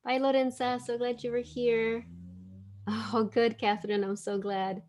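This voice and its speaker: A woman's voice: fairly high pitch, flat delivery, measured pace, darkish tone. A woman hosting an online spiritual gathering, reading oracle cards to the group in a casual, gushing, enthusiastic way over a video call.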